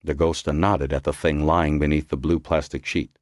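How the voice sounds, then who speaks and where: A man narrating an audiobook in a measured, expressive storytelling manner. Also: extremely low pitch, no room sound, clean studio sound.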